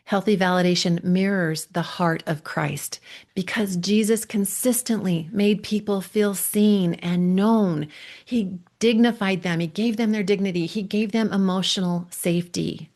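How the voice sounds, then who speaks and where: A woman coach and podcast host giving a gentle, earnest faith-based talk on marriage, often checking in with "right?". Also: medium pitch.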